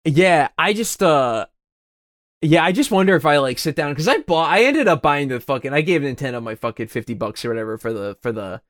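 A young man chatting casually as a podcast co-host, rambling with hesitant restarts and casual swearing, often trailing off quietly. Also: on the high side, expressive, brisk, dry recording, clean studio sound. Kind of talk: casual chat.

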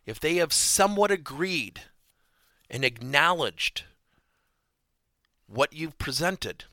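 A man hosting a podcast lesson on workplace coaching, animated and repeating his key points for emphasis. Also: fairly high pitch, takes it slowly, no room sound, clean studio sound.

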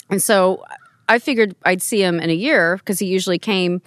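A middle-aged woman, a guest on a podcast, tells personal family stories in a casual, emotional, conversational way, often restarting her sentences. Her medium-pitched voice moves at a normal speed, with no room sound but poor audio quality.

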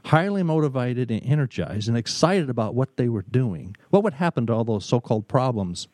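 A middle-aged man, a business consultant, telling stories in an emphatic talk, pausing often and repeating words. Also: mid-range voice, very animated, darkish tone, no room sound. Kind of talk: storytelling talk.

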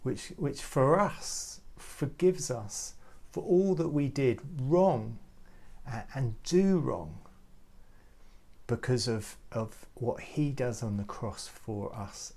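A man giving an earnest, reflective devotional talk to youth leaders, often halting and repeating words as he goes. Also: medium pitch, mellow. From United Kingdom. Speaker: youth ministry speaker.

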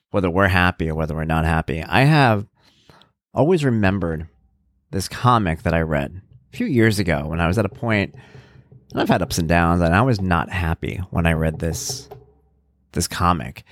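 A man's voice: sits low, animated, normal speed, dry recording, clean studio sound. A man hosting his own podcast, talking casually and rambling through his thoughts with plenty of fillers. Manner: rambling, conversational, thinks aloud with fillers. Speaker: podcast host. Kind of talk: casual solo podcast monologue.

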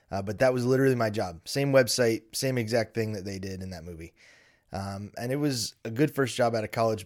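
Thirties male podcast host, relaxed basement chat, frank and self-mocking, lots of ums. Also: lowish voice. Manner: candid, self-deprecating, frequent ums. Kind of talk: casual solo podcast talk. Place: home basement.

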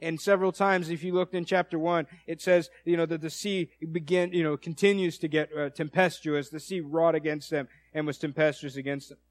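A man preaching a sermon in a conversational, animated storytelling way, acting out quotes. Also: on the high side, fairly quick, few pauses, dry recording.

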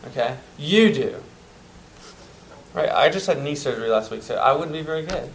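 A man preaching a sermon, earnest and emphatic, dropping to soft tones at tender moments. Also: fairly high pitch, lively intonation, moderate pace, slight background noise, low-quality recording.

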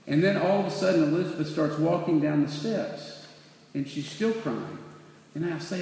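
High-voiced preacher in an echoing hall. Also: male voice, lively intonation, a little fast, creaky, darkish tone, a little hiss or hum. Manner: storytelling, acts out children's voices, builds to fervent appeal. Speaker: pastor. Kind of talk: sermon with personal story. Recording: echoey hall with long reverb.

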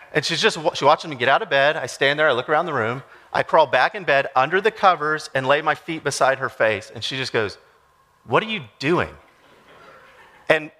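A young adult male pastor giving a sermon in a conversational, animated way, full of casual asides. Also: on the high side.

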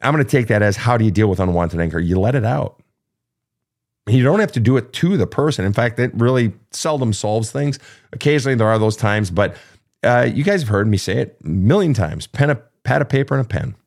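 Talking a little fast in a lowish voice, this podcast host fields listener questions on his live advice show with blunt, profane emphasis. He gets animated and dramatizes emotional outbursts.

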